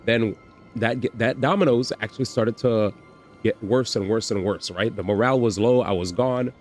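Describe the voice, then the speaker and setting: A man hosting a livestream, telling a story in an animated, slangy way with swearing and repetition. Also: fairly low pitch, moderate pace, faint music behind. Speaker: livestream host. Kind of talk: casual storytelling on stream.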